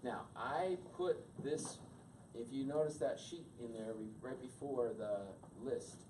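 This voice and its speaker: A man leads a couples' workshop, chatting with the room and tossing questions to his audience. His voice sits at an ordinary pitch. It is caught by a distant mic with a steady wash of background noise. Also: unhurried. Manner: conversational, quizzes the audience. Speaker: marriage workshop speaker. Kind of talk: teaching a couples' class.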